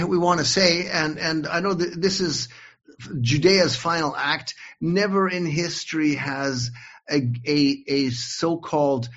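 A man's voice: fairly high pitch, a bit bright. A man in a casual online conversation, speaking emphatically and defiantly, rambling and repeating words as he searches for them. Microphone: video call. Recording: dull lo-fi call audio.

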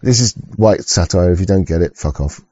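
A man's voice: sits low, animated, brisk, warm tone, highs cut off. A man who rants through a video reaction, swearing and stumbling over his words. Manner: profane, stammering, rambling rant. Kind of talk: ranting reaction commentary.

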